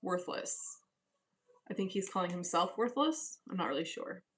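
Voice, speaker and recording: A woman's voice: on the low side, sing-song, a little fast. A woman hosting a live stream from home, reading chat messages aloud and answering in a cool, dismissive casual manner. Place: at home, indoors.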